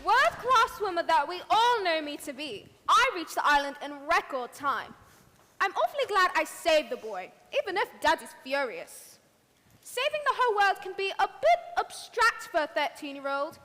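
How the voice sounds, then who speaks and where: A young woman acting as a plucky, well-bred girl adventurer who speaks in a crisp, prim and upbeat way. Her voice is high, bright and lively in pitch. It carries through a reverberant school hall. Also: normal speed, full character voice. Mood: determined. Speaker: student actor. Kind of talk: stage play monologue. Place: school theater stage.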